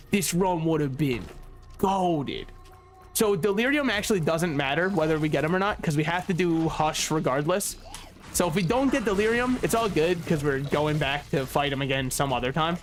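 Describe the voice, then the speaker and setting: A man streaming a video game, rambling and joking with frequent swearing. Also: fairly high pitch. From United States. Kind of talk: casual gameplay commentary.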